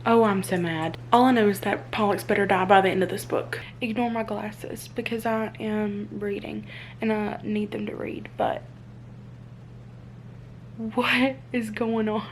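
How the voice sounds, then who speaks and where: A young woman with a drawl talks casually to her phone camera, excitable and full of rhetorical questions. Her pitch sits in a middle range. A faint hum runs in the background. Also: a little slow. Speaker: book vlogger. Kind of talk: casual reading vlog chat. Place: indoors, then moving between spots without a tripod.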